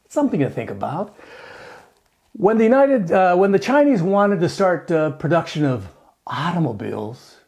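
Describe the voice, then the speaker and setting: Animated man with a gravelly voice. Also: high voice, moderate pace. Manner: animated, joking, rambling with asides. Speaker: channel host. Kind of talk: casual opinion commentary.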